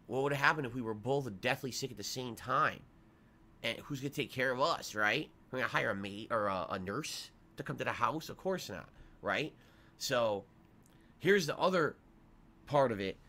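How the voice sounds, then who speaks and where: Congested guy rambling about being sick, bright tense voice. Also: mid-range voice. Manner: rambling, complaining about illness. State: congested nose. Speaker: streamer. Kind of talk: sick-day update to viewers.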